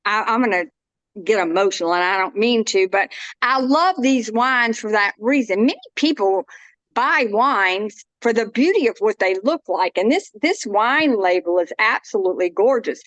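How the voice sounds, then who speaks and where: A woman's voice: mid-range voice, animated, normal speed, fairly bright tone, no echo, dull audio. A woman, chatting casually and folksily while demonstrating a dish. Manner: chatty, folksy, self-interrupting. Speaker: cooking demo guest.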